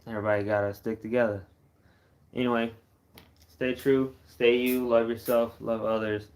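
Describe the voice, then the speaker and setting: A man's voice: mid-range voice, moderate pace. Tired, rambling young man streaming late. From Texas. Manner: rambling, relaxed, repeats himself. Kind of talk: casual late-night live stream chat.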